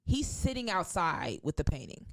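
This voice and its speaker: A woman guest on a podcast, telling a story with excitement and plenty of swearing, acting out the people in it with big jumps in her voice. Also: moderate pace, gravelly. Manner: excitable, profane, acts out quotes with big pitch jumps. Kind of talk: animated storytelling in casual chat.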